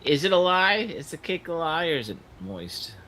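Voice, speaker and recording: A man dropping wry puns and asides in a loose group chat, his pitch rising and falling animatedly. A faint hiss sits under his voice. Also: very animated, normal speed, sharp tone.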